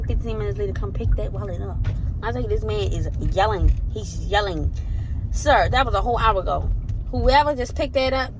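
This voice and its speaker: A young woman in her twenties with a Baltimore accent chats and rants into her phone camera, her voice a little high and full of swings. She swears casually and tells her stories with animated energy. Car and street noise hums clearly behind her. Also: low-quality recording. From Baltimore, Maryland. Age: 20s. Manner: animated storytelling, loud put-on shouting in retold quotes, swearing slang. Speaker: vlogger. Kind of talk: casual vlog chat. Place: in a car and around town.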